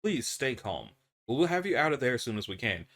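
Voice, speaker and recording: A man voicing a calm middle-aged male researcher, speaking in a measured, procedural way. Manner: measured, procedural, low-key.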